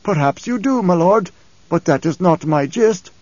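A man's voice: sits high, expressive, normal speed, a little mellow, no room sound, highs cut off, voice pushed up. A man voicing a cold, proud, masked old dream interpreter with a bitter twang. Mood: cold, cryptic.

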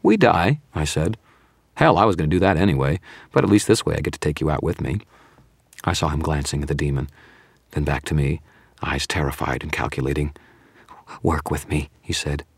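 A man narrates a first-person story with an extremely deep, husky voice. His delivery is measured and dramatic. The sound is dry and close, with no room around it. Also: fairly even intonation, no echo. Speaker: audiobook narrator.

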